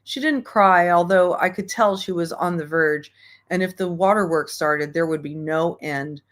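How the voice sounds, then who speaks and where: A woman hosts an online book club in a low voice. She reads passages aloud, then talks about them frankly and ramblingly, full of fillers and the odd curse. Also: normal speed. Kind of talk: reading aloud and casual book discussion.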